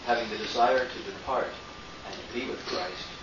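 Male student, measured scripture reading, loud background noise, far mic. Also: medium pitch, fairly even intonation, highs cut off. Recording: very echoey, noisy, distant classroom recording.

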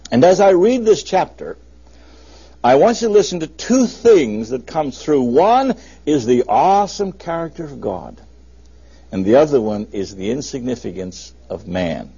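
A man preaching a sermon in a folksy, emphatic way, with his voice rising for questions and dropping low for asides. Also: husky. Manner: folksy, emphatic preaching with lively rises and drops. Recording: dull, muffled lo-fi recording.

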